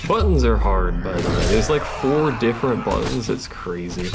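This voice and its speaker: Over loud music, a man offers wry, casual commentary on his gameplay, reading the game's text aloud between his remarks. His voice is fairly low and sing-song with vocal fry, at a normal speed.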